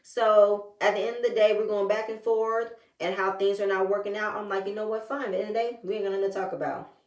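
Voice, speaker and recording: A woman's voice: mid-range voice, quick pace, recorded from a distance. Sassy woman in an echoey room. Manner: animated, sassy, acts out the cast's quotes. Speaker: reality TV recap host. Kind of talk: casual recap chat. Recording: echoey room, a bit off-mic.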